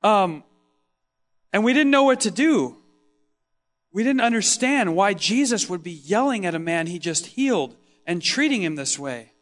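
Higher-voiced man preaching a dramatic monologue. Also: measured pace. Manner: expressive storytelling, swinging from loud exclaims to hushed tones. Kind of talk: first-person dramatic sermon monologue.

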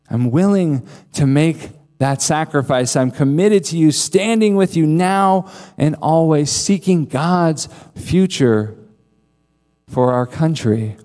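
Earnest young prince, solemn and pleading, slow delivery , read by a male preacher, reverberant hall. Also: a little high, darkish tone. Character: earnest, loyal young prince pledging devotion. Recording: long reverb of a large hall.

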